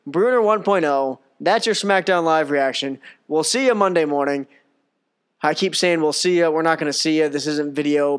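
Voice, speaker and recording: A man's voice: on the high side, normal speed, clear, resonant tone. A man hosting a solo wrestling podcast, joking at his own expense and rambling in a casual, self-mocking way. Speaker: podcast host.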